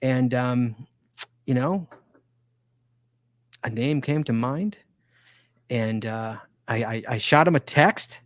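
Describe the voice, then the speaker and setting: A man's voice: medium pitch, takes it slowly, long pauses, no echo. Man, podcast host, casual rambling chat, dry close sound. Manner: rambling, stop-start.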